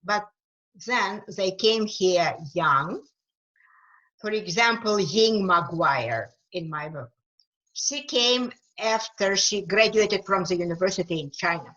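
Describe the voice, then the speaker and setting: Slow-talking woman, East European accent. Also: mid-range voice, lively intonation, fairly bright tone, lo-fi sound. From Ukraine. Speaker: author and guest speaker. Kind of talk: webinar talk.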